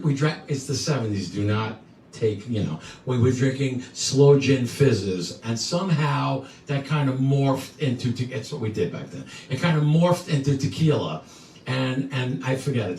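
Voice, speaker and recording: A man's voice: mid-range voice, lively intonation, moderate pace, darkish tone, slight background noise. A man in his sixties from the New York area, co-hosting a live music stream and telling a rambling story that repeats words and laughs along the way. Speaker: singer and co-host. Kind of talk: casual storytelling between songs. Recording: echoey room, mic from a distance, music behind.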